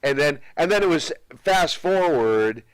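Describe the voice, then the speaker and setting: A man who was once a pro wrestler, guest in a casual interview, telling stories in a relaxed way with many restarts. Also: on the high side, measured pace, clear, resonant tone, no echo.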